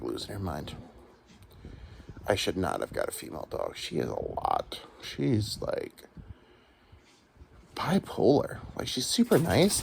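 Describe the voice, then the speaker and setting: Rambling man with a gravelly voice. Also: on the low side, darkish tone, slight background noise. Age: 30s. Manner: rambling, crude, self-deprecating. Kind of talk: solo comedic monologue.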